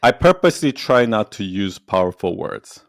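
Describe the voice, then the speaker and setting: Very animated, this podcast guest, an entrepreneur and storyteller, tells stories in a casual interview, playing out quotes and often laughing. His voice runs on the low side with vocal fry at a moderate pace, captured dry and clean in the studio.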